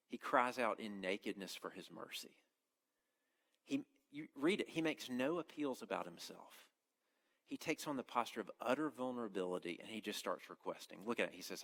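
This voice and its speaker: Gravelly low-voiced male preacher. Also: animated, normal speed, a bit bright. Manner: earnest, conversational preaching with frequent restarts. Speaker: campus minister preaching. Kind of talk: sermon.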